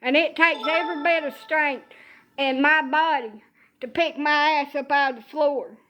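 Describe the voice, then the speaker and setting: A woman's voice: high voice, normal speed, sharp tone. A woman, ranting profanely in a casual comedic monologue about her aching body. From Alabama. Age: 30s. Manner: profane, exaggerated complaining storytelling. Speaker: social media streamer.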